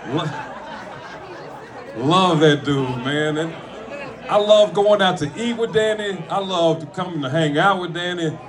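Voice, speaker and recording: A man, a comedian, speaking at a friend's memorial, mixing funny stories with tribute, animated and profane, with sudden shouts. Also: a little high, measured pace, long pauses, some chatter behind. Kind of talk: storytelling eulogy with jokes. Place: room with a gathered audience.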